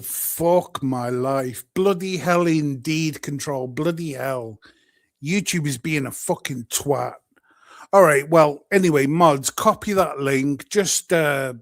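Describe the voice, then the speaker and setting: A British man hosting a livestream, ranting in an angry, profane, exasperated way. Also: on the high side. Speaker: livestream host. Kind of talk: profane live-stream rant.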